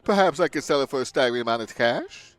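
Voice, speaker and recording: A man's voice: medium pitch, lively intonation, fast, no room sound, faint music behind, close to an everyday voice. A man reading game dialogue aloud, voicing a pompous, grandiose male millionaire sailor in a theatrical, haughty manner. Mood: scheming. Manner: theatrical, haughty, with wild swings in delivery.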